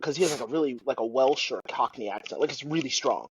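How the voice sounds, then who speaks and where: A man's voice: mid-range voice, fast talker, slightly rough, muffled recording. A man co-hosting a podcast, chatting casually in a rambling, profane way that trails off mid-thought. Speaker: podcast co-host. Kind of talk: casual chat.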